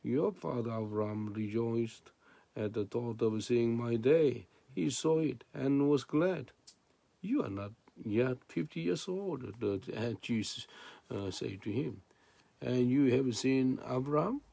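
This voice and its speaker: A man's voice: mid-range voice, slow pace, creaky, mellow, no room sound. A man preaching a sermon in non-native English, reading scripture and then explaining it with rhetorical questions.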